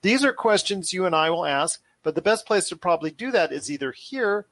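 A man's voice: sits high, lively intonation, brisk, fairly bright tone, no echo. A man hosting a casual pop culture podcast, talking enthusiastically with repetitive, rambling phrasing. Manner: enthusiastic, repetitive phrasing, addresses guest as my friend. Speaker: podcast host.

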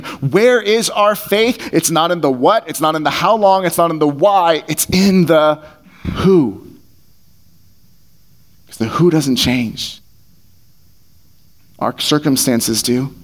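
A man's voice: on the high side, takes it slowly, long pauses. A man preaching a sermon as pastor, conversational and earnest, repeating phrases for emphasis, on a mic taped to his face. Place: church hall. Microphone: headset mic taped to face.

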